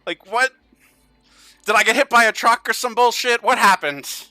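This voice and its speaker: A man's voice: extremely high pitch, normal speed, no room sound, soft background music, pitched above the performer's own voice, full character voice. A man voicing a bewildered, irritable young man pulled into another world, who swears and complains. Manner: exasperated, swears, complains loudly.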